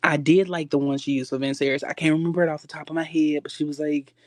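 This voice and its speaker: A man's voice: fairly high pitch, little pitch movement, quick pace, no echo. A man hosting a casual livestream chat, sassy and rambling, often stopping himself to get back on track. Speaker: livestream host. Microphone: phone.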